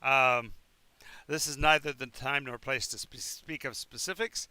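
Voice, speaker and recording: A man playing a smooth-talking evasive town official. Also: medium pitch, steady tone, a little slow, bright, forceful tone, no echo. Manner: rambling, filler-heavy, falsely cheerful.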